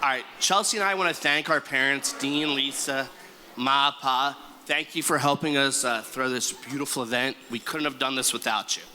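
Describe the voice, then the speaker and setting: A man's voice: medium pitch, noisy background. A man in his twenties giving an exuberant, stumbling wedding thank-you speech as the groom in a reception hall. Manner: exuberant, stumbling, calls out to the room. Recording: echoey hall with faint ambience.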